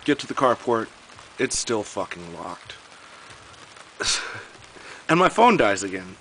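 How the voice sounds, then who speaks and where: Young guy venting on his vlog, cusses constantly, kinda low voice, faint hiss behind. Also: big pitch swings, slow pace, a bit bright, low-quality recording. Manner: profane, exasperated storytelling. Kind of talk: casual vlog rant.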